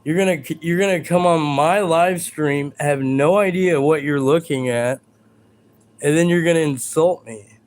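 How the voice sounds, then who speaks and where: A man's voice: a little high, moderate pace, a little mellow. A man hosting a live stream, talking to his chat in a combative, profane, ranting way.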